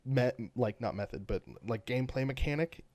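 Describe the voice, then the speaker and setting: A man's voice: medium pitch, normal speed, a little mellow, no echo. Casual rambling man with a dry mic. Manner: rambling, full of "like" fillers and restarts. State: has the hiccups. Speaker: podcast co-host. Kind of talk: casual chat.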